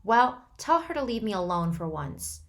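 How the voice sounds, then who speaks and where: A woman's voice: moderate pace, close to an everyday voice. A woman reading the part of a badly hurt, frightened teenage boy, his voice shaky and pleading. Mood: upset. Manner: shaky, pleading, rising into high breaks.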